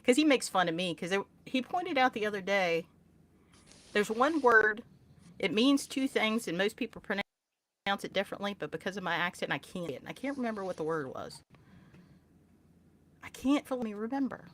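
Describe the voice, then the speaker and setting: Chatty Appalachian woman with a lively voice. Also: mid-range voice, normal speed, long pauses. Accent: West Virginia Appalachian. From West Virginia, Appalachia. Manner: sarcastic, laughs often, tells animated stories. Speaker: podcast host. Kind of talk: casual chat.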